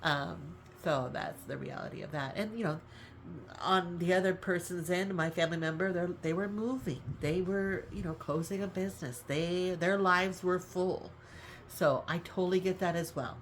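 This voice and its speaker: A woman in middle age with a low, deep-set voice shares caregiving experience in a casual vlog. She rambles, apologizes and laughs often, and sounds close to tears. A faint background noise sits under her voice. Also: normal speed. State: near tears. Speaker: caregiving vlogger. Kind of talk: casual talk to camera.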